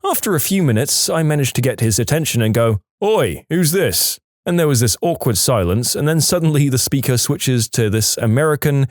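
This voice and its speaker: Male podcast narrator, expressive reading, lively pitch, dry close mic. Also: no echo. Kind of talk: scripted narration of reddit stories.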